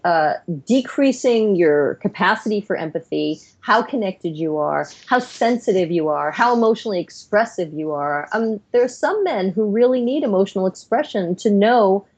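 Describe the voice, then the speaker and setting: A woman's voice: medium pitch, a little mellow, muffled recording. Earnest middle-aged woman psychiatrist explaining. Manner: earnest, explanatory, speaks in long flowing runs. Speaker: psychiatrist guest. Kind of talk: podcast interview.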